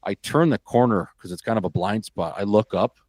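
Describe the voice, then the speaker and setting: A man from Wisconsin, a former hockey player, telling a story as a podcast guest in a casual, animated and profane way. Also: on the low side, fairly quick, husky, dry recording.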